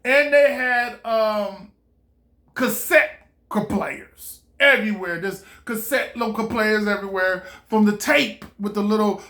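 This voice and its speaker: A woman vlogger telling a casual story in an animated way, breaking into laughter and loud exclamations. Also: a little high.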